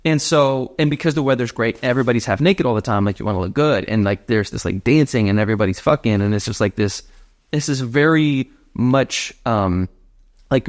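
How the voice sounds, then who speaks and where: A young man hosting a podcast, telling a casual story with lots of filler words and acted-out quoted dialogue. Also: medium pitch. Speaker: podcast host. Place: indoor podcast set.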